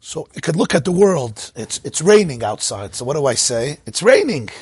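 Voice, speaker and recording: A man's voice: medium pitch, very animated, moderate pace, darkish tone, no echo. A man teaching an informal Torah talk at a gathering, telling stories, laughing often and mixing in Hebrew and Yiddish terms. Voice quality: husky. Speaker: rabbi teaching.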